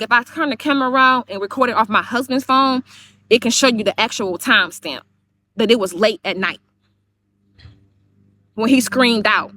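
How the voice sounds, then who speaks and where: Woman on a livestream going on and on, swears a lot, highish voice, bit of noise behind. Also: pushed and bright. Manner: rambling, profane, repeats herself. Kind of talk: heated livestream monologue.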